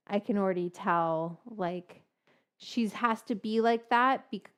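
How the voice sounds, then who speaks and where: Relaxed woman in her thirties hosting a home cooking vlog; slow, rambling, conversational, with cooing asides to a pet. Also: medium pitch, clean tone. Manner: chatty, rambling, baby-talks to her dog. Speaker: cooking show host. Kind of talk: casual cooking vlog chat.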